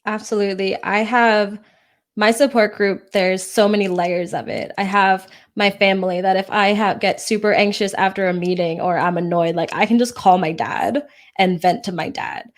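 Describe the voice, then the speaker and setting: Young woman podcast cohost, mid-pitched, candid and encouraging, teases her partner a bit. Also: fairly even intonation, normal speed. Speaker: podcast co-host. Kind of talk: casual podcast chat.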